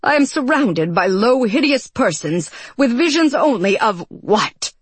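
A man's voice: very high voice, big pitch swings, a little slow, slightly rough, no echo, pitched above the performer's own voice, exaggerated voice. A woman reading a storybook voices a gloomy, despairing male court astronomer who talks to his servant with exasperation and scorn. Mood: exasperated.

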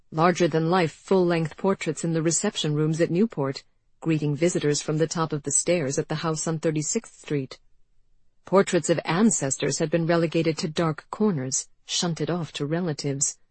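A woman with a low, husky voice narrates a novel as an audiobook reader, delivering scripted narration in a measured, expressive storytelling style. The recording is dry.

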